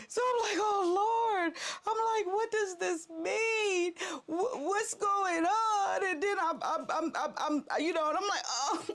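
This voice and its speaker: A woman's voice: very high voice, a bit bright. A middle-aged woman hosting a vlog and telling a story casually, acting out her own prayers and laughing as she goes. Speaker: vlog host.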